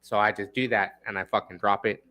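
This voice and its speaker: A man's voice: lowish voice, steady tone, brisk, bright, forceful tone. Profane, rambling male podcast storyteller. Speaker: podcast host. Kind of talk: casual storytelling.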